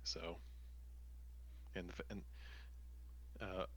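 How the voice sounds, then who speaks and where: A man with a very deep voice speaks at a tabletop game, stumbling through a plan. He stops and restarts often, with many fillers. He never settles into a smooth flow. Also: level tone, extremely slow, a bit bright, a little hiss or hum. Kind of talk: in-character tabletop play.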